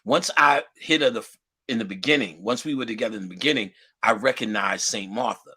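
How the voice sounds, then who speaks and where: Husky guy with a bright edgy voice telling a profane story in street slang, acts out the people he quotes. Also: mid-range voice, a little fast. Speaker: lecturer. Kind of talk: casual anecdotal storytelling.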